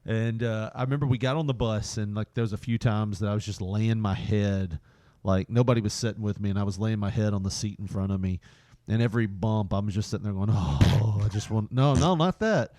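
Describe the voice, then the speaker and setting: A man's voice: on the low side, mellow, no echo, clean studio sound. A man co-hosting a podcast, telling a long, rambling personal anecdote in casual chat and laughing often as he goes. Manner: rambling, drawn-out anecdote told with frequent laughter. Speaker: podcast co-host.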